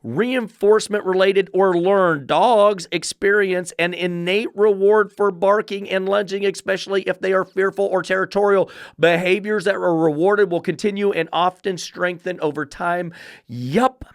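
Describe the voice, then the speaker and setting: A man's voice: steady tone, moderate pace, no echo, clean studio sound. A man hosting a dog-training podcast, blunt, combative and profane in his commentary. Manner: blunt, combative and profane, mocking falsetto baby talk.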